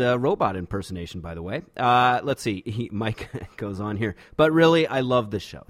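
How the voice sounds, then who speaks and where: A man hosting a podcast in casual chat, reading listener emails in a relaxed, filler-heavy way, often saying "man.". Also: mid-range voice, no echo. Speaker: podcast host. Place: home studio in a backyard.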